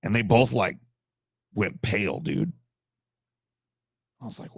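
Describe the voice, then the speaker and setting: Man, low gravelly voice, rambling comic storyteller, profane, dry close sound. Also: takes it slowly, dry recording. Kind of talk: comedic storytelling.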